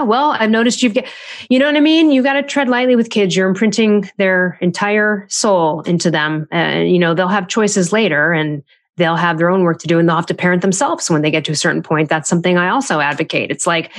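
Chatty, animated woman giving parenting advice. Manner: chatty and animated, acts out quotes with jumps in pitch. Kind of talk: casual podcast talk.

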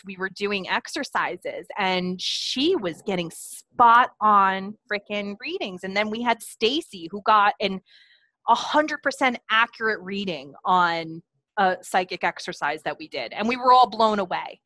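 A woman who co-hosts a podcast and teaches psychic mediumship chats casually about psychic development, candid, laughing often and swearing freely. Her mid-range voice is bright and forceful, with lively intonation and a measured pace, recorded with no room sound.

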